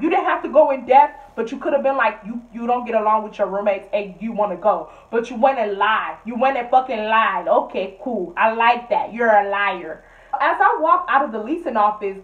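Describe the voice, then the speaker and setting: A young woman tells a storytime in a blunt, animated, profane way. Her voice sits a bit high. It sounds picked up from a distance and slightly muffled. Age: young adult. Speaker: college student. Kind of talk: storytime vlog.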